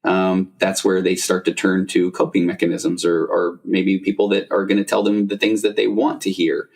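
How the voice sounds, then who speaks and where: A man's voice: low voice, monotone, moderate pace, vocal fry, darkish tone. A middle-aged man, a therapist hosting a podcast, talking casually and rambling with lots of fillers and restarts. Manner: rambling, self-interrupting, frequent fillers. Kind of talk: casual conversational interview.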